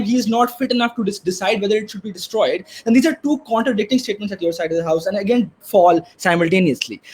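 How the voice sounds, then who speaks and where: A man's voice: high voice, husky. A young man giving a heated, emphatic reply speech in a competitive student debate, frustrated and swearing at times.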